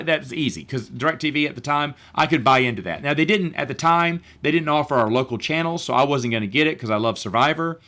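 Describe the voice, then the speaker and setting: Sounding tired, as he says himself, a podcast host spins a long personal story late at night in a casual monologue. He rambles and often starts sentences over, in a medium-pitched voice that's a bit bright.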